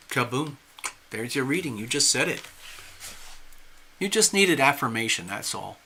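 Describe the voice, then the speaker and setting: A man's voice: medium pitch, big pitch swings, unhurried, pauses often, sharp tone, husky. A man giving a tarot reading on a live stream, earnest and reassuring, often checking in with the listener. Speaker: tarot reader.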